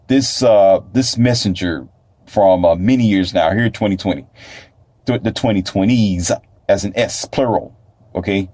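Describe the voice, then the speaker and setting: A man holds forth in a loose, preachy monologue, now and then mocking imagined doubters in a higher voice. His voice sits fairly low with a dark, mellow tone. The recording is dry and close. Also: moderate pace, no room sound. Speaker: self-published author and talk host. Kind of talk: casual monologue.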